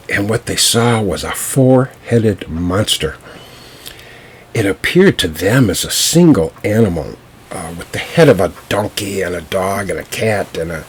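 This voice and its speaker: A man telling a folk tale to listeners, unhurried, with small fillers and restarts. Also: deep voice, expressive, slight background noise. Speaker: storyteller.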